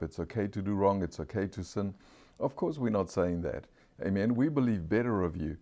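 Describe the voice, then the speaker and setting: This male pastor preaches a sermon in a non-standard English accent, his low voice warm in tone. He slows right down to stress key phrases, calls out for amens, and puts questions to the congregation.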